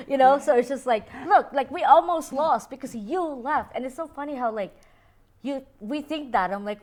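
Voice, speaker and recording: A woman's voice: sits high, moderate pace, darkish tone. A woman from the Philippines co-hosting a podcast, chatting casually and rambling with lots of "like" and "you know". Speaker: podcast co-host. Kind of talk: casual chat.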